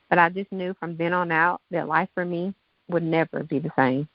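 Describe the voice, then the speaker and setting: Guest author, woman in her 30s, reads her poem with feeling. Lower voice, muffled dry recording. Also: dry recording. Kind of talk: reading her own poem aloud. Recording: dull lo-fi dry sound.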